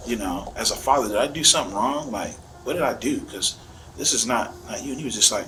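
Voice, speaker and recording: A man's voice: medium pitch, normal speed, pushed and bright, rough recording. Man, father in police interview, rambling, emotional, faint background noise. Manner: rambling, emotional storytelling with acted-out quotes.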